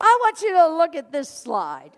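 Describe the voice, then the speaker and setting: A woman's voice: very high-pitched, huge pitch swings, normal speed, darkish tone. A woman minister giving a sermon, telling a story with jokes and acting out the people she quotes. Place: church sanctuary. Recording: hall reverb.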